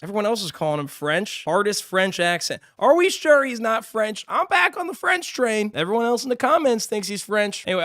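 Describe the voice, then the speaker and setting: A man streaming live, giving mocking, animated commentary on videos and swearing freely. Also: a little high, dry recording, clean studio sound.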